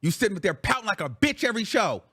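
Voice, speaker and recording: A man's voice: high-pitched, big pitch swings, racing, fairly bright tone, slightly rough. A male show host in a heated, profane reaction rant, venting with repeated phrases.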